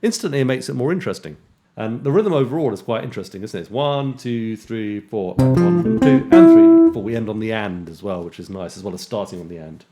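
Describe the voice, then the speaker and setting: A man teaching jazz guitar in a relaxed way, counting beats aloud and scatting rhythms. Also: on the low side, quick pace. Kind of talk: casual instructional talk with counting and scatting. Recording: guitar playing underneath speech. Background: loud guitar music.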